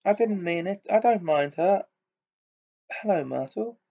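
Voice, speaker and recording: A man's voice: high-pitched, animated, unhurried, vocal fry, dark tone, voice pushed up, full character voice. A man voicing an anxious, earnest schoolgirl in a storybook reading, on a dull lo-fi recording. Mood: flustered. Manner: earnest, flustered.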